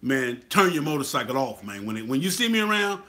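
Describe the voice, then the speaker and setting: A man's voice: mid-range voice, very animated, a little fast, bright, forceful tone. A man giving a casual motivational talk about motorcycle clubs, preachy and repetitive, often checking in with the listener. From Atlanta, US. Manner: preachy, repetitive, asks "you feel what I'm saying?". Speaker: motorcycle club talk host.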